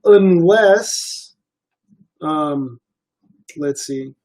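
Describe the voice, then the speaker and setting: A man's voice: on the high side, very slow. A young man hosting a casual livestream, chatting loosely to his viewers with lots of fillers and restarts. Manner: relaxed, rambling, many fillers. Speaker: livestream host.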